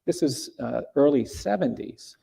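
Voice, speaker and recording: A middle-aged man with a gravelly, husky voice and a mellow tone. He tells a personal story slowly and earnestly, restarting phrases and lifting his voice to stress key points. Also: medium pitch, lively intonation. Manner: earnest, with frequent restarts and emphatic rises. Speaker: speaker telling a personal story.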